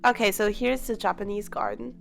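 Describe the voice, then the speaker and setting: Young woman vlogger, candid and emotional, a little gravelly, faint music under her. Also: medium pitch, steady tone, a little fast. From Europe. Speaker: travel vlogger. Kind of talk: casual vlog voice-over.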